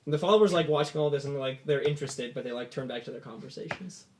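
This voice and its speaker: A man's voice: medium pitch, fast. A man running a tabletop game as game master, narrating loosely with many fillers.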